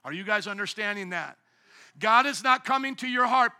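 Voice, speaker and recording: With lively intonation and a moderate pace, this pastor delivers his sermon in a bright, high, piercing tone. He preaches animatedly, acting out voices and breaking into shouts to drive his points home.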